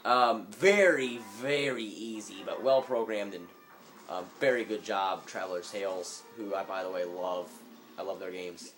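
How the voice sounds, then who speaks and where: Rambling, jokey let's-play commentator, phone-recorded. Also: male voice, lowish voice, measured pace, fairly bright tone, faint music behind. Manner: rambling, jokey, mock-businesslike. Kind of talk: casual gameplay commentary.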